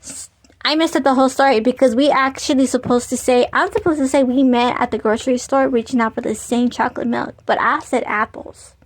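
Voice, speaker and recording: A woman telling an animated story for a vlog, full of "like" fillers. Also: high-pitched, brisk, dry recording. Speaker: vlogger.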